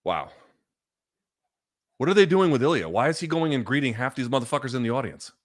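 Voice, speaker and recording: A man hosting a live fight watchalong, going from loud excited outbursts to quiet, emotional reflection, with plenty of swearing. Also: mid-range voice, a little fast. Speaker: host. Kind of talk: live fight reaction commentary.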